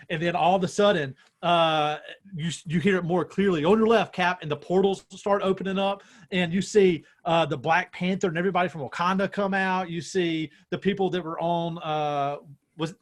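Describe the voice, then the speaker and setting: A young adult man, a pastor, telling a story with growing excitement in casual chat on a video call. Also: high-pitched. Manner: excited storytelling, self-described nerd.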